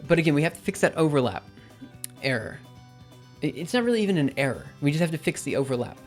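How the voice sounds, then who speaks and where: A man's voice: on the high side, sing-song, quick pace, soft background music. A young man streaming his programming session, thinking aloud with lots of fillers and self-corrections, his voice a bit worn. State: losing his voice. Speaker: livestreaming programmer. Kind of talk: casual live coding commentary.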